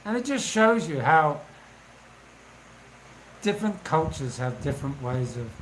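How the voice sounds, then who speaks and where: A man's voice: fairly high pitch, sing-song, measured pace, slight background noise, rough recording. A man, casually telling anecdotes and laughing as he goes. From England. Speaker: vlogger. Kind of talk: casual storytelling.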